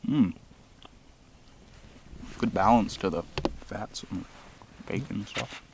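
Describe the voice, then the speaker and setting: A man's voice: lowish voice, slow, noisy background. Joking man eating outdoors in winter. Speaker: friend and guest. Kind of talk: casual chat while eating. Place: outdoors on a frozen lake in winter.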